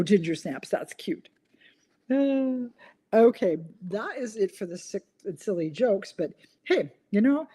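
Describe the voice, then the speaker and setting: Casting: a chatty live-stream host who laughs at her own jokes, with an animated, bouncy voice. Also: mid-range voice, slightly rough. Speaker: host of a live online chat. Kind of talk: casual live-stream chat, reading viewer comments.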